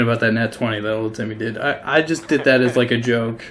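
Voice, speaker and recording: A man's voice: mid-range voice, steady tone, fast, fairly bright tone, slight background noise. A man narrating a tabletop game as game master, casual and hesitant with many fillers.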